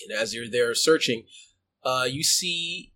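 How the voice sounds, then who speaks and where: This game master's medium-pitched voice is animated and sharp-toned as he narrates a tabletop game, halting often with fillers and restarts.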